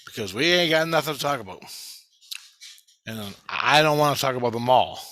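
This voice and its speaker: A man's voice: lowish voice, bright, forceful tone, dry recording. A middle-aged man talking in a rambling, profane, intense personal monologue as a vlogger.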